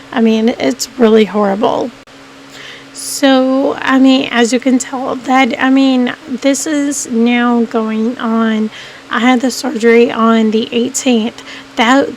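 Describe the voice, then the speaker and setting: Rambling woman with a higher voice. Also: darkish tone, slight background noise, poor audio. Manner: rambling, with frequent restarts and "I mean" fillers. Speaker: vlogger. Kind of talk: casual personal storytelling to camera.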